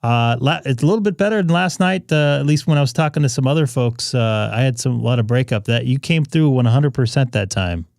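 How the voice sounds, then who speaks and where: A man's voice: mid-range voice, animated, fairly quick, vocal fry, few pauses, darkish tone, dry recording, clean studio sound. A man from California hosting a ham radio live stream, talking casually with lots of fillers. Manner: chatty, loose, many fillers. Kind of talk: casual on-air chat.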